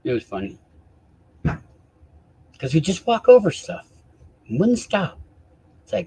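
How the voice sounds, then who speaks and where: A man's voice: fairly high pitch, big pitch swings, takes it slowly, pauses often, a little mellow, husky. A man hosting a casual live stream, rambling and swearing in exasperation while he chats with viewers.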